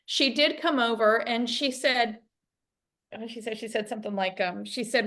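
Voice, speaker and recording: Woman co-host telling a story, kinda high voice, acts out all the quotes. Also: steady tone, moderate pace, a bit bright. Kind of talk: casual storytelling chat. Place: home, on a video call.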